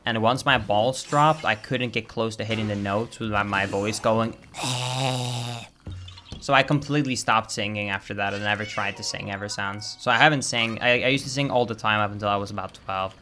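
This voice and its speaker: A man's voice: on the low side, brisk, hardly any pauses, sharp tone, soft background music. A man streaming as a speedrunner, chatting casually and explaining things in loose asides. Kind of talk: casual chat on a live stream.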